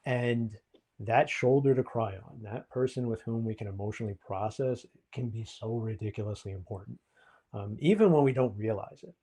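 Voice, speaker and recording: A man's voice: lowish voice, moderate pace, mellow, husky. A man, a therapist co-hosting a podcast, explaining things in a reflective, casual way with frequent ums.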